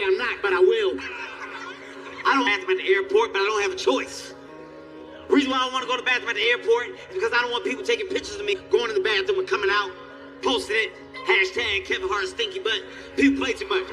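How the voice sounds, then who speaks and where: A man doing stand-up comedy, telling stories in an animated, profane way with sudden high excited exclamations. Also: long reverb tail. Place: stage before a live audience.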